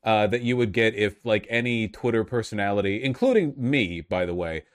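A man's voice: fairly low pitch, lively intonation, moderate pace. A man giving casual, sarcastic commentary, rambling with many fillers and restarts. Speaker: online commentator.

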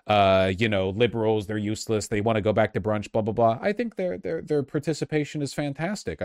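A young man streaming political commentary, arguing his points with frequent restarts and sudden rises in pitch. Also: no room sound, studio quality. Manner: argumentative, restarts a lot, animated rises in pitch.

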